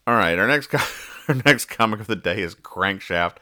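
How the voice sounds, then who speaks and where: Sarcastic low-voiced podcast host, bright tone. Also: male voice, animated, normal speed. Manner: dry, sarcastic explaining of jokes. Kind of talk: casual podcast chat explaining comic strips.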